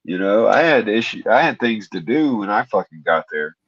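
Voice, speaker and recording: A man's voice: on the low side, big pitch swings, normal speed. A middle-aged man in casual conversation, talking bluntly about toughness and swearing often. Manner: blunt, tough-love talk with frequent swearing. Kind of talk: casual chat. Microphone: video call. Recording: dull, dry lo-fi mic.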